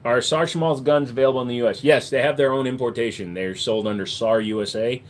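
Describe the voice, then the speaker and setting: A man's voice: mid-range voice, fairly even intonation, fairly quick. Joking American man on a livestream. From United States. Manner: joking, slips in and out of put-on accents. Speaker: livestream host. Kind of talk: casual livestream chat answering viewers. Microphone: desk microphone.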